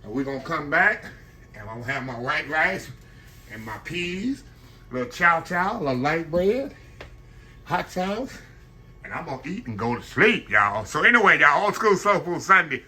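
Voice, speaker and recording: Slightly high and sing-song with a sharp tone, this host's voice moves at a moderate pace through a casual cooking demo in his home kitchen. He chats in a folksy way and keeps addressing viewers as "y'all."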